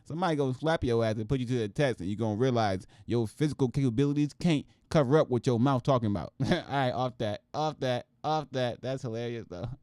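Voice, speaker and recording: A man's voice: mid-range voice, fast, hardly any pauses, a little mellow, no echo, clean studio sound. A man hosting a casual show where he reacts to news clips, with profane, joking rants. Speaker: show host.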